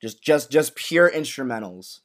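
A man's voice: medium pitch, lively intonation, measured pace. Rambling casual male podcast co-host. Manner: loose, full of "like" and restarts. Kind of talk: casual recap chat.

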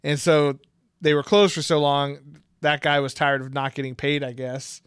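A man's voice: on the high side, level tone, normal speed, fairly bright tone, smooth, dry recording, clean studio sound. A man co-hosting a casual podcast, rambling with lots of fillers and frequent laughs. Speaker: podcast co-host. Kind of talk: casual chat.

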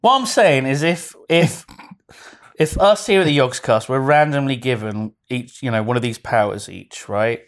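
A man co-hosting a podcast, chatting in a lively, jokey and playful way. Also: mid-range voice, normal speed. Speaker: podcast co-host. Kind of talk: casual chat.

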